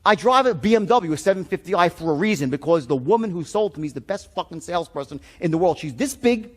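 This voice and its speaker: Animated, high-voiced man lecturing. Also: fast. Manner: animated storytelling with blunt profanity. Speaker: sales trainer. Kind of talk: seminar talk.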